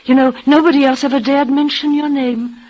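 An actress voicing a dying, devoted young woman in an old radio drama, speaking in breathless, halting, emotional bursts. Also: sits high, fairly even intonation, natural voice. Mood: tender. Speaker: leading lady in a radio play. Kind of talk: 1940s radio acting. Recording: dull lo-fi old radio recording.

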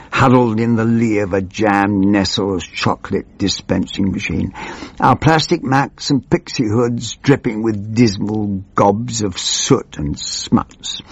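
A gravelly, husky-voiced ancient parliamentarian, drawling slowly and wandering off into muddled, pompous reminiscences. His pitch rises and falls in lively swoops, and the sound is dull and lo-fi. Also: no room sound, exaggerated voice. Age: older. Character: doddering ancient male MP, rambling and forgetful. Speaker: comic character monologue. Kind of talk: scripted comic monologue.

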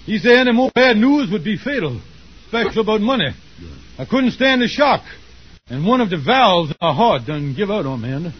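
An actor playing a scheming, smooth-talking con man who groans theatrically in 1940s radio acting, on a dull old radio broadcast. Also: sits high, very animated, a little fast, exaggerated voice. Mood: self-pitying.

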